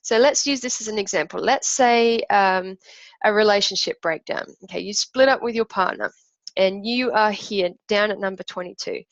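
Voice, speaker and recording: A woman's voice: mid-range voice, normal speed, no room sound, highs cut off. A woman teaching an emotional technique, talking through imagined inner voices in an earnest, reflective way. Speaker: emotional wellbeing coach.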